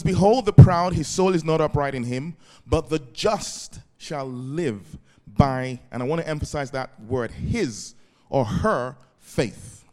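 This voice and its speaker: A man's voice: on the high side, a little mellow. A male pastor preaching a sermon, often checking if his listeners follow and breaking in with praise. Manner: keeps asking the congregation if it makes sense; repeated "praise the Lord" interjections.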